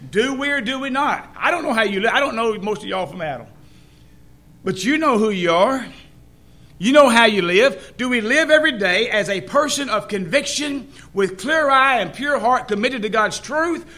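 A man's voice: extremely high pitch, lively intonation, normal speed, bright, forceful tone. A man preaching a sermon in a folksy way, asking the congregation questions.

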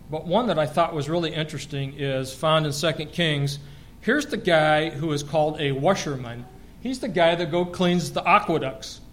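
A man preaching a sermon, lively and joking, quizzing the congregation as he goes. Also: fairly high pitch, slight background noise.

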